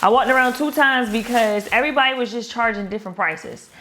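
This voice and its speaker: A woman's voice: on the high side, fairly quick, fairly bright tone, a little hiss or hum. A young woman with a Baltimore accent, chatting casually to her viewers in a lifestyle vlog. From Baltimore, Maryland. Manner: chatty, addresses viewers as "girl" and "y'all". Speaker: lifestyle vlogger.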